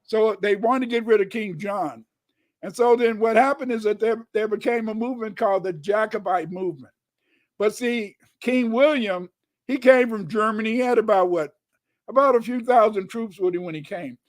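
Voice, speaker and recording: Emphatic male lecturer, high voice, repeats himself for stress. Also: moderate pace. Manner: emphatic, rising to shouts, repeats phrases. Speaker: guest lecturer. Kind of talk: lecture-style talk reading old documents.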